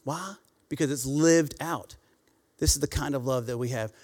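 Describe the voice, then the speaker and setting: A man's voice: medium pitch, moderate pace, a little mellow. A man preaching a sermon to a congregation, calling out for responses and reading scripture aloud. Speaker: pastor. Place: church sanctuary. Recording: church hall reverb.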